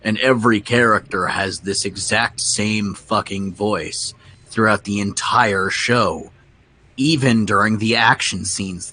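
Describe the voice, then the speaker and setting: A man chatting with friends, speaking slowly and deliberately, mocking a show's acting. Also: lowish voice, steady tone, sharp tone. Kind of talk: casual chat among friends.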